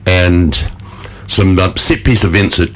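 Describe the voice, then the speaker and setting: A man with a fairly low voice chats on a morning radio show from the studio. He rambles through his stories with plenty of fillers and the odd chuckle. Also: fairly even intonation, takes it slowly. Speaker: radio presenter. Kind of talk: casual radio chat.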